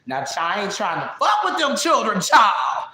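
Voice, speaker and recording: A hoarse woman imitating a sassy male friend with a distinctive drawling way of talking. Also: mid-range voice, wildly swooping pitch, normal speed, pushed and bright, reverberant.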